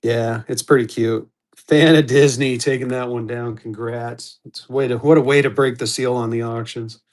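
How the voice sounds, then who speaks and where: A man's voice: mid-range voice, steady tone, moderate pace, a little mellow. A man hosting a live-stream auction, rambling casually and talking straight to his viewers. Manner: rambling and chatty, restarts, talks to viewers by name. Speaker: host of a live online auction.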